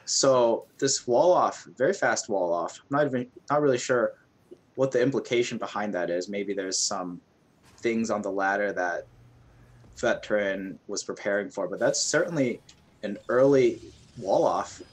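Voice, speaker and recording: A man's voice: lowish voice, moderate pace, breathy edge. A man co-commentating a game tournament casually, chatty and analytical. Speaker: tournament co-caster.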